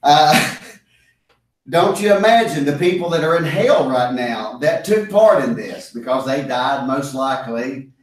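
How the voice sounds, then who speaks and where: A man leads a Bible study in a strongly echoing room, his voice picked up from well away from the mic. He speaks earnestly and with emphasis, hammering home points through repetition. His pitch sits in an ordinary middle range. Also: lively intonation, unhurried. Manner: earnest, emphatic, repeating key phrases for stress. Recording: echoey room, mic far off.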